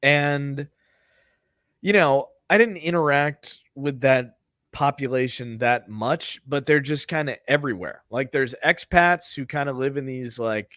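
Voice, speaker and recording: Male podcast host, loose profane storyteller, mid pitch, dry close sound. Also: unhurried, fairly bright tone, dry recording. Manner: rambling, profane, offhand. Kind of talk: comedic storytelling.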